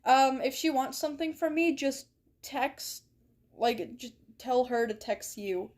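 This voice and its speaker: A woman's voice: high voice, measured pace, a little mellow. A woman streaming a game from her bedroom, chatting with viewers in a playful, mock-dramatic way. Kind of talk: live-stream chat while gaming. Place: bedroom at home.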